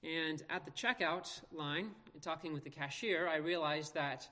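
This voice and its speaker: Man pastor reading scripture then preaching, slow earnest pauses, kinda high voice, long hall echo. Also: bright, forceful tone. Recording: long reverb of a large hall.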